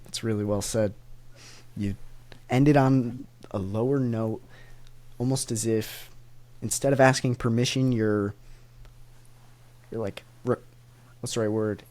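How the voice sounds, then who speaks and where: A man's voice: medium pitch, steady tone, a little slow, pauses often, a little mellow. A man hosting a podcast, asking questions and searching for words as he talks. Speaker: podcast host. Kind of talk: podcast interview.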